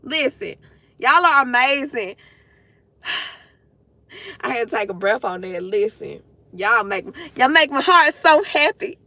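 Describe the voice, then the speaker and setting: A woman's voice: high voice, animated, unhurried, bright, forceful tone, no echo. A woman chatting emotionally to her livestream viewers from her car, gushing and close to tears. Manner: gushing, emotional, addresses chat directly. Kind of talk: casual livestream chat to viewers. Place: in a parked car.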